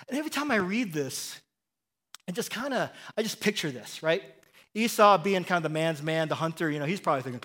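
Chatty middle-aged preacher, slightly high voice. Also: male voice, expressive, brisk, sharp tone. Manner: conversational storytelling, often asks "right?" and chuckles. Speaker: pastor. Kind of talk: sermon.

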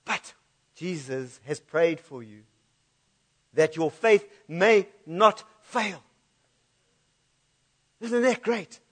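A man's voice: high voice, lively intonation, very slow, pauses often, husky. A man preaching a sermon in a church, reading scripture aloud and laughing at his own slip-ups.

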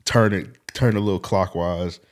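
A man with a lowish voice trading loose, joking banter on a podcast. He talks in a laid-back way and laughs easily between lines. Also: steady tone, moderate pace. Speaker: podcast co-host.

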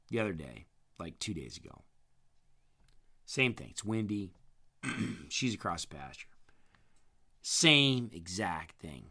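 Bright-voiced man with a strained throat. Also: low-pitched, sing-song, takes it slowly, pauses often. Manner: rambling, repeats words, clears throat often. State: strained voice after hurting his vocal cords. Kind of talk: casual storytelling.

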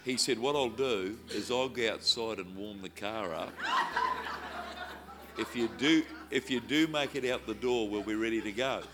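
A man preaching, telling a lively story and acting out the voices, then praying fervently over a crowd. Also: fairly low pitch, moderate pace. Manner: animated storyteller, acts out voices, ends in loud fervent prayer. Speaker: evangelist preacher. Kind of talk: sermon with storytelling and prayer. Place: stage before a crowd. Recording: music playing behind.

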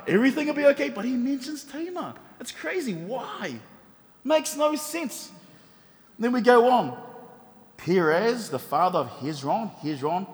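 A man's voice: extremely high pitch, sing-song, measured pace, big-room sound. A middle-aged man preaching a sermon in a church, telling stories with humor and rhetorical questions. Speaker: pastor.

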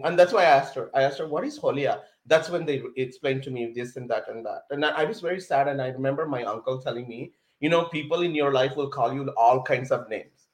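Man telling his story in a roomy echo. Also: medium pitch. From India. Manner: animated, filler-heavy telling with many restarts. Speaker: podcast guest. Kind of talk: personal storytelling in conversation.

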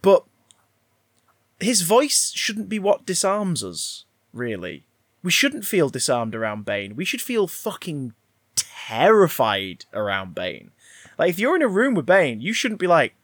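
A man's voice: fairly high pitch, huge pitch swings, unhurried, a bit bright, dry recording, studio quality. A man casually discussing a film, rambling and swearing with frequent restarts.

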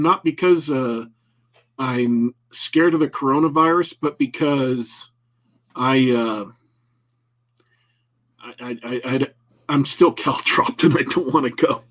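Husky guy with a slightly high voice, rambly jokey podcast chat. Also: fairly bright tone. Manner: rambling, joking, many restarts. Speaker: podcast co-host. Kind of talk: casual chat.

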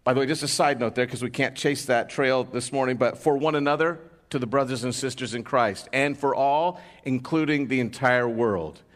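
A man's voice: mid-range voice, normal speed, few pauses. A man preaching a sermon as pastor, telling a story and asking the congregation rhetorical questions. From United States. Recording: long hall reverb.

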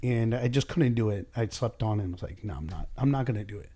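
A man's voice: lowish voice, expressive, quick pace, dark tone, breathy edge. A man who runs his own business, talking casually and bluntly in a podcast chat, swearing freely and acting out bits of dialogue. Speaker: business owner and boss.

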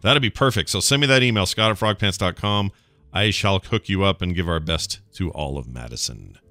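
A man's voice: deep voice, lively intonation, brisk, pushed and bright, no room sound. A man hosting a casual call-in podcast, chatty and jokey, laughing often. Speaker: podcast host. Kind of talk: casual call-in show chat.

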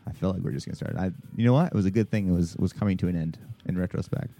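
A man's voice: deep voice, very fast, vocal fry. A man co-hosting a podcast, rambling through a story in casual chat and laughing easily, with faint rock music playing behind him. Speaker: podcast co-host.

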